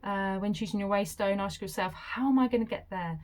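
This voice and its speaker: A young woman, explaining a craft project in a casual, chatty vlog and gushing with excitement along the way. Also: medium pitch, brisk. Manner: enthusiastic and chatty, with gushing asides. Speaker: crystal and crafts vlogger.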